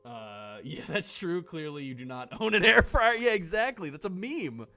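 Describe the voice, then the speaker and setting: A man's voice: fairly high pitch, big pitch swings, moderate pace, hardly any pauses, pushed and bright, faint music behind. A man streaming a game live, talking casually and sarcastically, swearing often.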